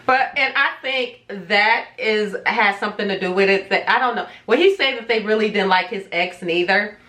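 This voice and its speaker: A woman with a medium-pitched, sharp voice speaks at normal speed in a roomy-sounding space. She is a vlogger telling her own story to viewers, chatty and dramatic, performing what others said.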